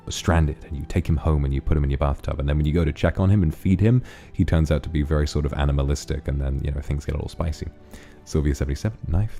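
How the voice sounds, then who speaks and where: A male streamer chatting loosely with his audience and thanking supporters as he goes. His voice sits very low, with quiet background music playing under it. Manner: relaxed, rambling, thanks donors. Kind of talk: casual stream chat reading donations.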